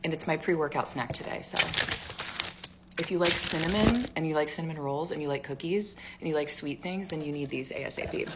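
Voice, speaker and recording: A woman's voice: low voice, fairly quick, very noisy. A woman in her thirties telling her own divorce story in a chatty vlog style, full of fillers.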